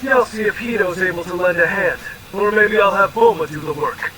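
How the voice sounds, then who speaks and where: A man's voice: sits high, a little fast, sharp tone, rough recording. A synthetic male voice reading a scoffing, irritable male robot fighter in a role-play chat. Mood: grudging. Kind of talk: text-to-speech role-play narration.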